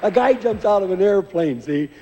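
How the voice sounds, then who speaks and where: A man's voice: sits high, animated, normal speed, mellow, a little hiss or hum. An older male comedian telling stand-up jokes in a rambling way, chuckling at his own lines and tagging them with "see?", on a large theater stage before a live audience. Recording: dull lo-fi VHS concert recording with long hall reverb.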